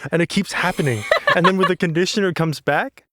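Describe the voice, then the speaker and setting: A man co-hosting a podcast, chatting casually with playful asides and quick laughter. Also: sits high, noisy background. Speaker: podcast co-host. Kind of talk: casual chat.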